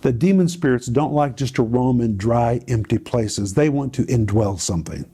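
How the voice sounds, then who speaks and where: A man's voice: mid-range voice, expressive, moderate pace, mellow, husky. A man teaching on a Bible passage to a co-host, telling it in a dramatic, emphatic way with repeated phrases.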